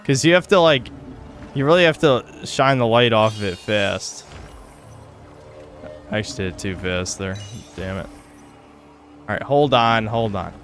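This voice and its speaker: A man's voice: fairly low pitch, a little slow, pauses often, fairly bright tone, faint music behind. Frustrated young man swearing at a game. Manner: frustrated, swearing, talking to himself. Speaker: streamer. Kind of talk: live gameplay commentary.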